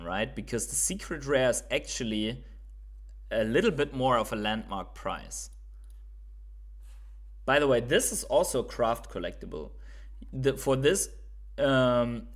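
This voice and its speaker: Male livestream host, German accent, mid-pitched, chatty and unpolished, swears, ends lines with "right?". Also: a bit bright. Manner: thinks aloud, swears, keeps adding "right?". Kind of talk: casual livestream chat.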